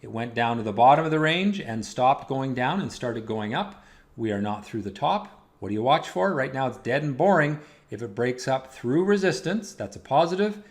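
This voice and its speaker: A man hosting a weekly market commentary, talking over charts on screen. He explains each chart in a steady, plain way with casual asides. His voice sits at an ordinary middle pitch. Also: moderate pace. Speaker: market analyst host.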